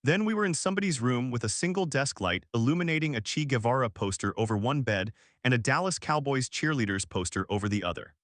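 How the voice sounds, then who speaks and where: A man's voice: medium pitch, animated, fast, hardly any pauses, no echo, studio quality. Man reading a confessional audiobook. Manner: reflective, confessional. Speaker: audiobook narrator. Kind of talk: first-person audiobook narration.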